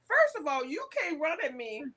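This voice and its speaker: A woman's voice: high-pitched, big pitch swings, moderate pace, a bit bright. A woman co-hosting a casual chat, telling blunt, profane stories about her school days. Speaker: co-host.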